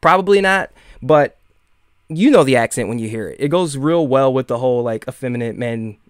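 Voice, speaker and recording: A man's voice: medium pitch, animated, fairly quick, clean tone, no room sound, clean studio sound. A man with a Michigan accent hosting a casual live-stream monologue, rambling and sarcastic, full of fillers and restarts. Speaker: podcast host.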